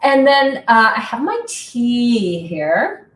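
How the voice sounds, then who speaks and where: A woman's voice: fairly high pitch, sing-song, slow, a bit bright, recorded from a distance. A middle-aged woman from Canada, hosting in a casual, rambling, chatty way. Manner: chatty, rambling, self-deprecating. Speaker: host. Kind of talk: casual chat. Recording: echoey room from off-mic.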